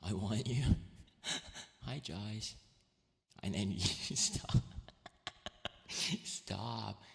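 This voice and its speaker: Soft-spoken gravelly man in reverb. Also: on the low side, very slow. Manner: soft-spoken, greets chat by name, giggly. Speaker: VTuber streamer. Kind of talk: soft-spoken stream chat.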